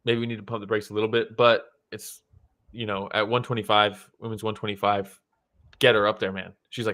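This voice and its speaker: A man's voice: lowish voice, level tone, brisk, a bit bright. A young man co-hosting a podcast, chatting casually about fight photos and swearing freely as he acts out quotes. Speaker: podcast co-host.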